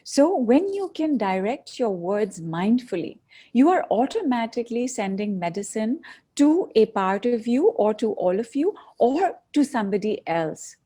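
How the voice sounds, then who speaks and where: A woman giving a reflective talk, speaking in a measured, thoughtful way. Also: fairly high pitch, big pitch swings, warm tone.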